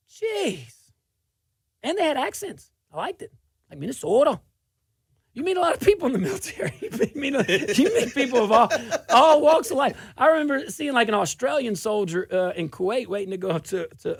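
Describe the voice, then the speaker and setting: A middle-aged man from South Louisiana hosting a political talk show, delivering a sarcastic, animated monologue with frequent laughs. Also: very high voice, gravelly, slightly rough, dry recording, studio quality.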